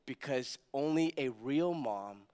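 A man preaching a sermon as pastor, telling stories with energy and dropping to hushed emphasis on key points. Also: mid-range voice, takes it slowly, clean tone. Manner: animated storytelling, acts out quotes, drops to hushed emphasis.

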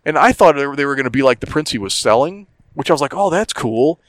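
This middle-aged co-host of a casual podcast spins a story into a foul-mouthed, agitated rant. Pitched on the high side, he talks fast with lively intonation and barely pauses.

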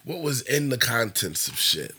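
A young man in casual chat who gives blunt advice and asks teasing questions. His voice is very bright and a little husky, and it rises and falls a lot. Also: medium pitch, sing-song, moderate pace.

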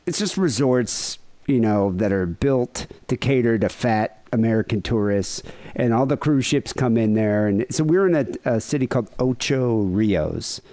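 A casual podcast co-host, a man telling a rambling story with plenty of profanity. His pitch jumps around a lot as he talks. The sound is dry, with no room echo. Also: normal speed. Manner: animated, profane, mimics people in quotes.

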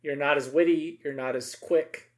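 Animated, emphatic man in political chat. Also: a little high, moderate pace. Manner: animated, emphatic, many asides and tag questions.

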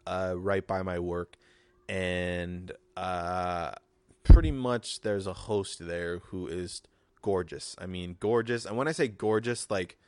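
A young man talks loosely through a casual solo podcast and swears easily. His voice is on the low side, and the recording is dry, with no room sound. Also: takes it slowly, darkish tone, clean tone, no room sound. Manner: rambling and profane, with frequent restarts. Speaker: podcast host.

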